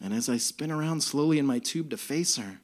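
A man telling a comic story live on stage in an animated, profane way. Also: fairly high pitch, a little fast.

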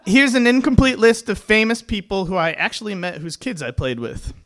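On a small stage in front of an audience, a young tenor storyteller delivers comic tales with wry self-mockery. He talks briskly in a high, somewhat bright voice.

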